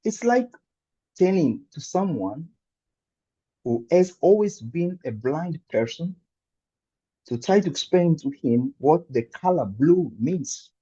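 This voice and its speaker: A man in his thirties from Angola, giving a prepared humorous speech as an animated storyteller with dramatic pauses. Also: on the high side, slightly rough, dull audio. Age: 30s. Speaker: club speaker.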